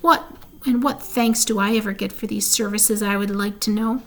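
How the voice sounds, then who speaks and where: A woman's voice: medium pitch, fairly even intonation, moderate pace, close to an everyday voice. A woman reading a storybook aloud, voicing a lazy, sarcastic male rat who grumbles and mocks. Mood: self-pitying.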